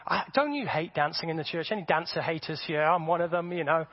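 A man preaching a sermon to his congregation, animated and often repeating words as he builds his points. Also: a little high, fast, no echo. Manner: animated, repeats words, acts out voices for effect. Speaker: pastor. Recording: dull, dry sound.

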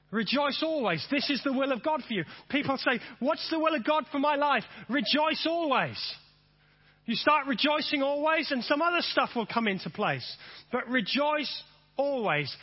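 High-voiced husky preacher man. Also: muffled recording. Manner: repeats phrases, swings from soft to emphatic. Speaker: pastor. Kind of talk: sermon.

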